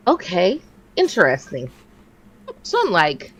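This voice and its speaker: A woman in her thirties co-hosting a podcast, telling a story in casual chat and jumping her pitch to act out what others said. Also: a little slow, slight background noise, poor audio. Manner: animated, acts out quotes with big pitch jumps. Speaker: podcast co-host.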